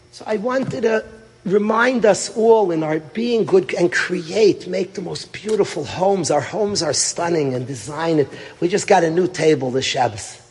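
A middle-aged man, a rabbi who teaches at a yeshiva, telling a story in a sermon, emphatic and full of rhetorical questions, swinging from loud to hushed. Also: high voice, husky, in a large hall.

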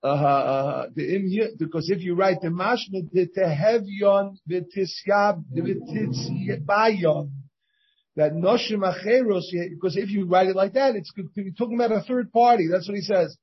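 A rabbi teaching a Talmud class reads Hebrew and Aramaic text aloud and translates it line by line, restarting his phrases often. His high voice moves at a moderate pace with few pauses. The audio is dull, with a little hiss or hum.

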